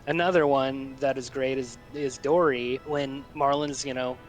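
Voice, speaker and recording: A man who is a father, talking casually about a film in a thoughtful, halting way. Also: mid-range voice, steady tone, faint music behind, low-quality recording. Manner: thoughtful, halting, many restarts. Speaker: guest co-host.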